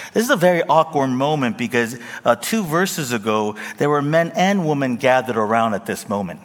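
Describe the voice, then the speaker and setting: Pastor in a reverberant church. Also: male voice, mid-range voice, moderate pace, few pauses. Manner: prayerful and quiet, then lively and joking. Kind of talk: sermon. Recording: long hall reverb.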